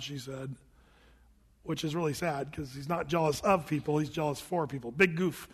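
Middle-aged male pastor, high voice, chatty sermon delivery with rhetorical questions, long church reverb. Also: normal speed, husky. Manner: conversational preaching with rhetorical questions and asides.

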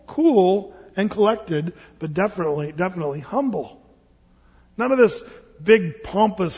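Husky, high-voiced preacher man. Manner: conversational, humorous storytelling. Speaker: pastor. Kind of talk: sermon. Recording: reverberant hall, dull lo-fi sound.

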